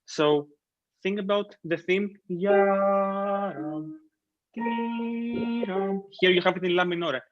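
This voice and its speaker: A man's voice: high-pitched, steady tone, moderate pace. Encouraging man coaching piano over a call. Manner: gentle, encouraging, sings phrases and counts beats aloud. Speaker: piano teacher. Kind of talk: online masterclass coaching. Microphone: video call. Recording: muffled video call with piano.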